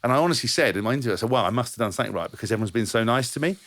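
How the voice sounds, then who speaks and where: A man's voice: medium pitch, lively intonation, rapid-fire, a bit bright. A man, a podcast co-host who rambles through anecdotes, swears freely and often restarts his sentences. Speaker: podcast co-host, former rugby player. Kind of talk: casual storytelling chat.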